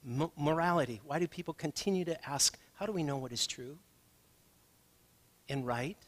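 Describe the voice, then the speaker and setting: Pastor guy preaching, kinda high voice, chatty then emphatic. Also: normal speed. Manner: conversational preaching with rising emphatic questions. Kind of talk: sermon.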